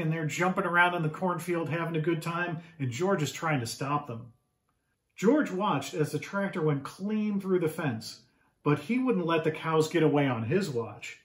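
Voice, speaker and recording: A man reading his picture book aloud to children, animated and asking the listeners questions. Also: a little high, reverberant.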